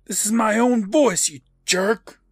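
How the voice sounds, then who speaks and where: A man's voice: sits high, slow pace, husky, no room sound, studio quality, pitched above the performer's own voice, exaggerated voice. A man doing a sneering creepy old-man mask.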